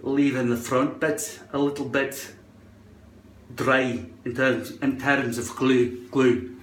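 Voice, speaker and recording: In an echoey room with slight background noise, a man with a mid-range, fairly bright voice talks slowly and steadily. This hairpiece vlogger fakes a playful Scottish accent, dropping occasional swears while casually showing how to attach a hairpiece at a home mirror.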